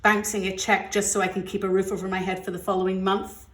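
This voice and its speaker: A middle-aged woman from the UK talks openly and chattily as she counts out cash for her weekly budget. Her voice sits at an ordinary middle pitch, and the recording has a roomy, echoey quality from a room at home. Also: flat delivery, fast, a bit bright. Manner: chatty, candid, gets emotional. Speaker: budgeting vlogger. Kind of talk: casual chat while counting cash.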